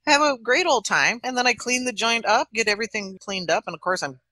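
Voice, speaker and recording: A woman's voice: a little high, a little fast, no echo. A middle-aged woman casually telling an anecdote on a podcast, laughing often as she goes. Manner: animated, laughs often mid-story. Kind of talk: casual storytelling chat.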